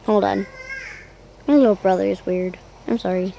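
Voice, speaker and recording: A young girl casually commentating her pet game, rambling and chatty, cooing in a high voice at her puppy. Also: fairly quick, vocal fry, a little hiss or hum, rough recording. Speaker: gaming vlogger.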